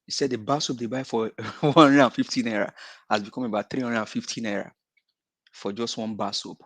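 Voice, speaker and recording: A man's voice: medium pitch, steady tone, fairly quick, a bit bright, no echo, rough recording. A man with a Nigerian accent, a guest on an online panel, exasperated and repeating his points, laughing and dropping into pidgin. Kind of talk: casual live-stream talk.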